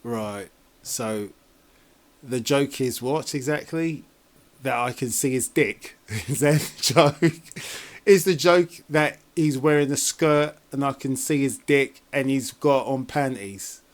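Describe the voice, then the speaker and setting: A man's voice: medium pitch, slow pace. A man doing a casual trailer reaction in a rambling, sarcastic, exasperated way.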